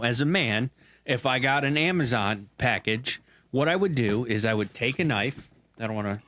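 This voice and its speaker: A man co-hosting a casual sports podcast in an easygoing way. His pitch sits in a middle range for a man. The recording is dry and close to the mic. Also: a bit bright, dry recording. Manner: easygoing, reading aloud and joking. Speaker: podcast producer and co-host.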